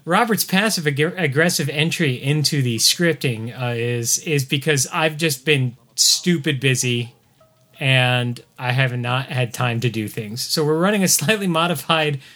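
A man's voice: mid-range voice, measured pace, bright, forceful tone. A man hosting a podcast in casual chat, joking and laughing at himself. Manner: joking, self-deprecating, laughs often. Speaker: podcast host.

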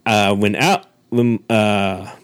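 A man's voice: fairly low pitch, flat delivery, slow pace, clear, resonant tone. A middle-aged man co-hosting a casual chat, rambling with lots of asides. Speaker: co-host.

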